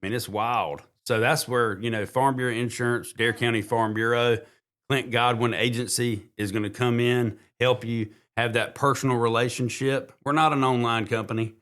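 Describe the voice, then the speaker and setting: A man, a guest insurance agent giving an enthusiastic sales pitch on a talk show. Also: steady tone, moderate pace, a bit bright. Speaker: guest, insurance agency manager. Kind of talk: casual interview.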